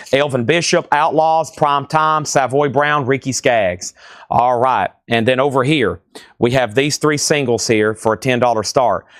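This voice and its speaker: A man hosting a live record auction from a store, reading titles off fast and tossing in sarcastic asides. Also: medium pitch, fairly bright tone, no room sound, clean studio sound. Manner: rapid-fire listing, joking and sarcastic asides. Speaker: live sale host.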